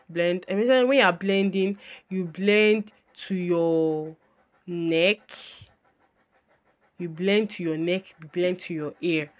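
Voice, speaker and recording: A woman walks through a makeup tutorial in casual, chatty talk. Her voice sits fairly low, and she is bubbly and loops her instructions over and over. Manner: chatty, bubbly, repeats herself often.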